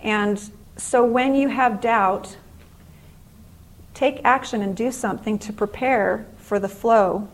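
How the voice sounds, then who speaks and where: Animated woman teaching a faith class. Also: on the high side, takes it slowly, poor audio. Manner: animated storytelling, acting out exclamations. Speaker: conference speaker and author. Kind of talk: faith-based motivational class talk.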